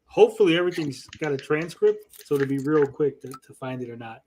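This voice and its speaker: A man's voice: on the high side, animated, quick pace, a little mellow, slight background noise. A man hosting a casual livestream, reading chat messages aloud and teasing his guest. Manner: teasing, playful. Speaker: show host.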